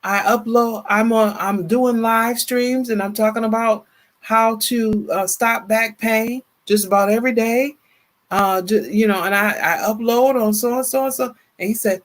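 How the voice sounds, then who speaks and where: A woman in her 50s with a slightly high voice hosts a casual livestream at a moderate pace, chatting and reading viewer comments. Tired and worn out, she remains animated and talkative, laughs often and speaks to her viewers as "y'all."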